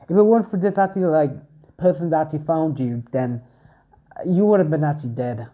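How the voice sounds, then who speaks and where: A man voicing an excitable, caring young goddess in a high, squeaky put-on voice. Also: fairly quick, narrow, tinny audio, lightly acted. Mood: fussing.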